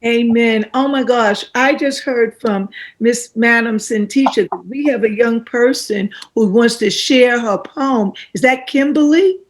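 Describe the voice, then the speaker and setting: A woman's voice: on the high side, unhurried, low-quality recording. A woman moderating an online panel, who encourages speakers in a churchy call-and-response manner over a video call.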